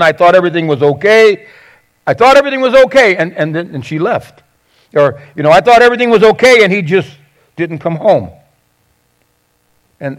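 Animated middle-aged male pastor preaching. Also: fairly high pitch, rough recording. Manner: conversational, animated storytelling with repeated phrases. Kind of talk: sermon.

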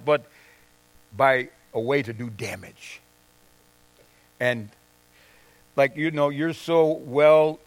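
High, bright-voiced male pastor preaching. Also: dry recording. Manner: conversational, confessional preaching with acted-out quotes. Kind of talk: sermon. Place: church sanctuary with congregation.

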